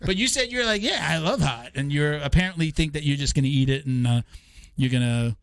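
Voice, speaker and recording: Laughing, higher-voiced male podcast host. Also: lively intonation, brisk, dry recording. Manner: laughs often, stammering restarts. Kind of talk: casual chat.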